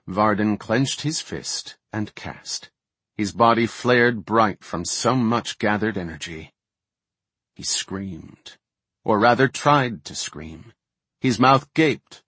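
A man reading a fantasy audiobook in a measured, steady way. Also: on the low side, slightly rough, dry recording. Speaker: audiobook narrator.

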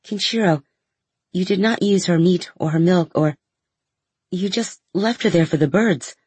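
A man with a husky voice voicing a young woman who speaks in sharp, reproachful tones, heard in a storybook reading. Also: a little high, brisk. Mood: upset. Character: young woman, grieving and indignant prisoner.

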